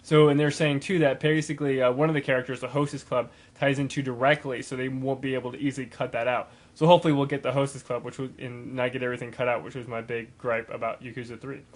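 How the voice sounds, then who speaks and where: Young guy rambling fast about games, lots of ums and restarts, mid-pitched voice. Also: flat delivery. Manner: rambling with many fillers and restarts. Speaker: gaming vlogger. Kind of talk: casual rambling video blog.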